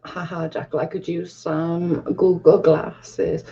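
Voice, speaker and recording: A woman's voice: fairly low pitch, flat delivery, takes it slowly, creaky, mellow, slightly rough. Chatty laughing woman streamer. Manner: laughs often, chatty and rambling. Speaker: livestream host. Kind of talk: casual live chat with viewers. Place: at home, camera off. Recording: dull lo-fi stream audio.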